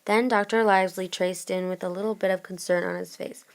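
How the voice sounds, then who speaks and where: Woman narrator, casual first-person retelling, mid pitch. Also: steady tone, a little fast. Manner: casual, plain reading. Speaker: storyteller.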